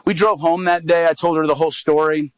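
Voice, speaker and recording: A man's voice: fairly high pitch, flat delivery, a little fast, clear, resonant tone, dry recording, rough recording. A man in his thirties, an evangelist, preaching through a personal story and acting out the quoted dialogue. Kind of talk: sermon storytelling.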